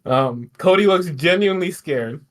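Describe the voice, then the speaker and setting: Man, podcast host, slightly high voice, casual recap, swears a lot, rambling. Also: expressive, normal speed, a bit bright. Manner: profane, rambling, laughs often. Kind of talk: casual wrestling recap chat.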